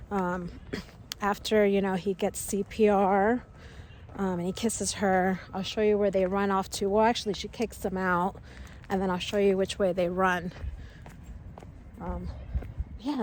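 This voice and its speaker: A woman chats her way through a casual walking-tour vlog, exclamatory and thinking aloud. Her voice sits at an ordinary middle pitch. She records outdoors on a handheld camera, with a faint hum of the town behind her. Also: a little mellow. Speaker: travel vlogger visiting film locations.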